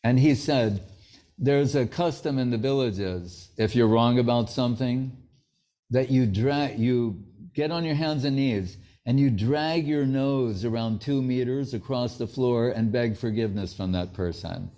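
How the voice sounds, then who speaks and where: Guy giving a sermon, lots of stories, acts out who said what, warm low-key tone. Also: unhurried. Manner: storytelling, acting out quoted dialogue. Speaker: spiritual teacher. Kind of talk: anecdotal sermon.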